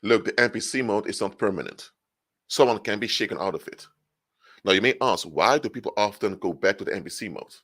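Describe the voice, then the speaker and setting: Low-voiced male commentator, lively swings in pitch, explains with examples and restarts his sentences. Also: husky. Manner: animated explaining with hypothetical examples; frequent restarts and self-corrections. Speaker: spiritual commentator. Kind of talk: solo monologue to camera.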